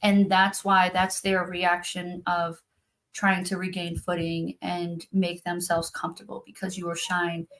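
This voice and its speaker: A woman's voice: on the low side, completely flat delivery, measured pace, fairly bright tone. A woman speaking earnestly and from the heart in a casual conversation, as a spiritual practitioner on a video call.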